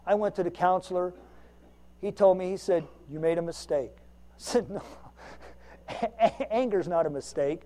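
A man preaching a folksy, self-mocking sermon, swinging between loud emphasis and quiet asides. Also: high voice, a little slow, pauses often. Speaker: lay preacher.

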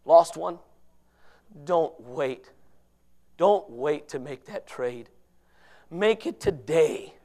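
A man preaching a sermon with fervour, moving between loud shouting and hushed pleading, quoting scripture in old-fashioned wording. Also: on the high side, lively intonation, slow.

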